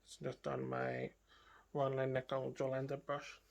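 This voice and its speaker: Gravelly-voiced woman chatting through her makeup. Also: rumbling low, big pitch swings, measured pace, darkish tone, a little hiss or hum. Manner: chatty, talks to herself while working, trails off into murmurs. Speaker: beauty vlogger. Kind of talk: casual makeup tutorial.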